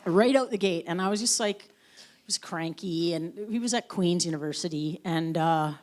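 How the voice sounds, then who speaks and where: A woman's voice: fairly low pitch, moderate pace, darkish tone. A woman who is the guest author at a live onstage talk, telling wry stories casually and laughing as she goes. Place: university event stage.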